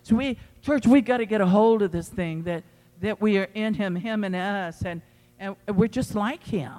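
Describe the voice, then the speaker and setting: The recording carries a long hall reverb as a man delivers a sermon in a church sanctuary. His voice is high and darkish, at normal speed, and he's emphatic, repeating phrases to his congregation.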